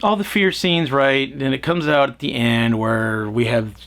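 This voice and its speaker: A man's voice: medium pitch, unhurried, vocal fry, fairly bright tone. A man reviewing a film in casual talk, rambling and sarcastic, with exasperated asides and a little swearing. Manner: profane, mocking quoted voices. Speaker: movie reviewer.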